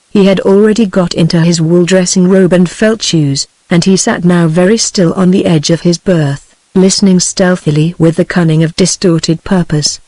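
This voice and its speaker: A text-to-speech British female voice narrating a novel in a flat, even synthetic delivery. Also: fairly low pitch, dry recording, low-quality recording. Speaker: audiobook narrator. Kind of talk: text-to-speech book reading.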